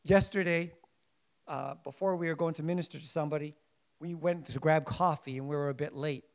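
A man preaching a sermon in an earnest way, often restarting his sentences as he searches for words, sometimes rising in emphasis and sometimes going quiet. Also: fairly high pitch, steady tone, brisk.

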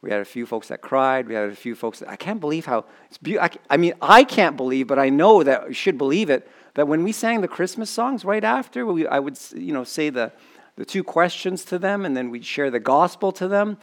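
A man's voice: a little high, expressive, brisk. A man preaching a sermon in a conversational way, often asking the congregation questions. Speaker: pastor.

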